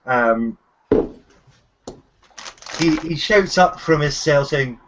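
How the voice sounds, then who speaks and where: A man's voice: fairly high pitch, very slow, long pauses, a bit bright, highs cut off. A man running a tabletop game as game master, narrating hesitantly with many fillers and restarts.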